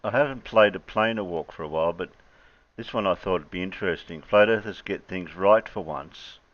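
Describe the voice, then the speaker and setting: Sex: man. Role: co-host. Style: casual chat. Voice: very low. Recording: dry and slightly muffled lo-fi mic. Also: fairly quick, fairly bright tone, no room sound.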